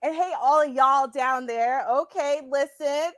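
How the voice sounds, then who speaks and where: A young woman co-hosting a casual livestream chat, loud and playful as she hypes up her co-host. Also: high voice, a little slow, dry recording, poor audio.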